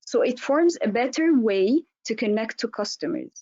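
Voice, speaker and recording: A woman consultant with a hoarse voice from an allergy presents a business webinar. She talks with frequent fillers and restarts. Her voice comes through a muffled, lo-fi line in a dry room with no echo. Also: on the high side, expressive, normal speed, warm tone. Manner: hesitant, many fillers and restarts.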